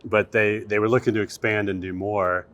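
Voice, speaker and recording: A man hosting a casual podcast panel, talking in a relaxed, easygoing way. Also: lowish voice, moderate pace, dull audio. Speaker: podcast host.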